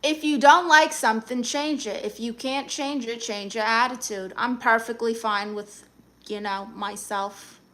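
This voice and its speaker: A woman's voice: fairly high pitch, steady tone, a little slow, pushed and bright, slight background noise. A woman hosting a live stream, reading viewers' comments aloud and answering them in a sassy, blunt, teasing way.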